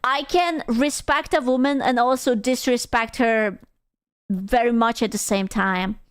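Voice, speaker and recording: A woman's voice: fairly high pitch, a little slow, clean tone, no echo, clean studio sound. A young adult woman streaming live, chatting casually with viewers in crude, teasing banter and bursts of playful squealing.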